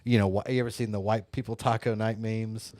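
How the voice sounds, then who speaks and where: A man's voice: lowish voice, little pitch movement, fairly quick, darkish tone. A middle-aged man hosting a podcast in casual chat, rambling, swearing and laughing as he tells stories. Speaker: podcast host.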